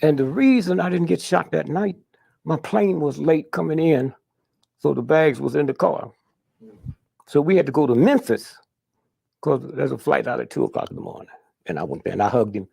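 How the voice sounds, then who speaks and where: An older man, telling stories in an interview with a blunt, profane manner and a husky, gravelly voice. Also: on the high side, expressive, normal speed, pauses often, dark tone. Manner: blunt, profane, punctuating with "huh?". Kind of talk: candid storytelling interview.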